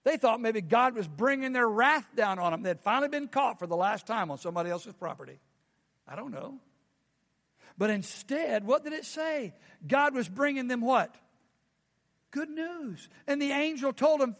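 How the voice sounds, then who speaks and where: A man's voice: very high voice, animated, moderate pace, fairly bright tone, in a large hall. A man preaching a sermon as a pastor, often asking his congregation questions.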